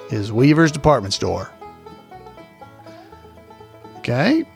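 Man, trivia host, gravelly voice, unhurried, folksy, soft music behind. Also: fairly high pitch. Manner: folksy, repeats questions, chuckles to himself. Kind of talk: casual podcast trivia hosting.

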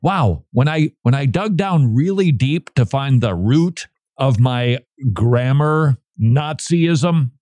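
A man's voice: medium pitch, lively intonation, unhurried, mellow, no echo. A male radio host bantering playfully with mock-grand announcer flourishes.

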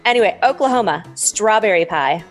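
A woman's voice: medium pitch, lively intonation, fairly quick, soft background music. A woman co-hosting a podcast in a casual, chatty way, easily amused. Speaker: podcast co-host. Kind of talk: casual chat.

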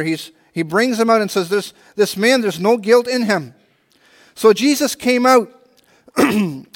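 A man's voice: sits high, fairly bright tone, long reverb tail. A man preaching a sermon and reading scripture aloud, earnest, often restarting and repeating words. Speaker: pastor.

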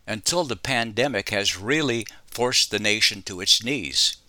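A man's voice: on the low side, unhurried, pushed and bright, no room sound. A man delivering scripted political commentary with sarcastic, mocking asides.

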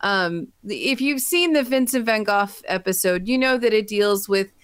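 A woman's voice: mid-range voice, normal speed, clean tone, dry recording. Chatty woman co-host, dry sound. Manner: gushing, chatty, animated. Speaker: podcast co-host. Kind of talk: casual chat.

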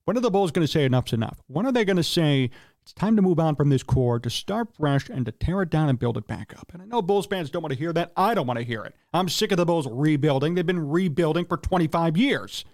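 Sports radio host, male, high-pitched, opinionated and exasperated, dry close sound. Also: animated, fast, darkish tone, dry recording. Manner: opinionated, exasperated rants with rhetorical questions. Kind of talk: solo sports talk commentary.

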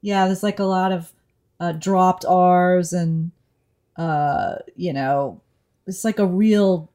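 A woman's voice: on the low side, takes it slowly, warm tone. A woman from New Orleans co-hosting a casual podcast, talking candidly and thinking aloud with frequent restarts. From New Orleans, USA. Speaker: podcast co-host.

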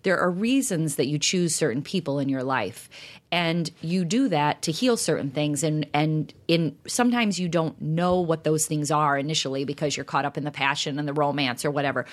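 A middle-aged woman with a deep voice co-hosts a talk show, speaking at a moderate pace. In casual chat she talks earnestly, reflectively and openly about her marriage.

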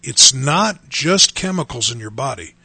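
A man's voice: medium pitch, lively intonation, a little slow, sharp tone, slightly rough, no echo. A man in his fifties, a pastor and radio host, preaching a testimony in an earnest, emphatic way, repeating phrases for stress. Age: 50s.

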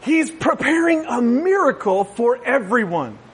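Casting note: high-pitched male pastor, chatty sermon, joking asides, keeps asking the crowd if they agree. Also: big pitch swings, measured pace, husky. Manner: conversational, asks the crowd "right?"; jokey asides.

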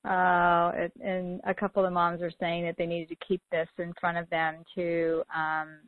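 A woman's voice: lowish voice, monotone, moderate pace, no echo. A middle-aged woman hosting a casual chat, telling anecdotes and laughing often. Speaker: host. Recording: tinny phone-like line, dry.

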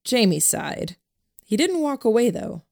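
A woman reading a novel aloud as narrator in a steady first-person storytelling voice. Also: fairly high pitch, unhurried, creaky, dry recording, clean studio sound. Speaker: audiobook narrator. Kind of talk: scripted narration.

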